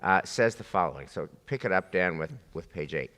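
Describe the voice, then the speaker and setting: A man leading a text-study class, teaching with animated, acted-out voices. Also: low voice, a little fast. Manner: lively, acts out voices while teaching. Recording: reverberant hall.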